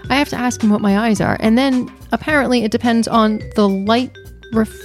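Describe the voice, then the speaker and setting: A woman's voice: on the high side, a little fast, soft background music. A woman co-hosting a casual chat with her wife, playful and teasing, often laughing. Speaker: podcast co-host.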